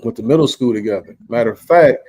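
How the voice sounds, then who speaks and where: Male podcast host, mid-pitched, casual rambling storyteller. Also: quick pace, a little mellow. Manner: rambling, laid-back storytelling with frequent "you understand".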